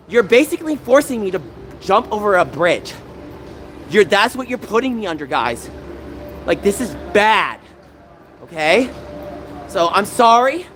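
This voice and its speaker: A man's voice: high voice, low-quality recording. A man live-streaming from his phone outdoors, talking to his chat in distressed, pleading rants. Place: outdoors on city streets. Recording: phone stream with loud street noise.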